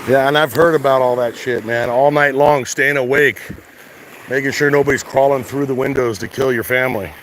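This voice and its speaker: A man's voice: medium pitch, fairly even intonation, fairly quick, a bit bright, slight background noise, rough recording. An American man ranting casually and bluntly while out at the shore, swearing a lot and rambling between thoughts. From United States. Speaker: vlogger. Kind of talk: casual outdoor rant to camera. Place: outdoors at a shoreline at high tide.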